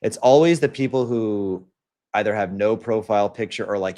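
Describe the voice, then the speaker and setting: A young man hosts his livestream in a casual rant, with a voice that sits a little on the low side. He talks bluntly and swears freely. He often breaks into quick impressions of other people's lines as he goes. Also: dark tone. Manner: blunt and profane, acts out quoted lines. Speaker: livestream host.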